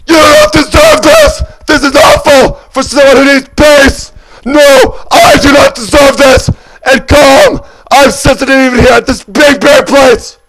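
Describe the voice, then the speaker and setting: Man, very high voice, gravelly edge, shouting, wailing, agitated monologue, repeats and lists words. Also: a little slow, poor audio.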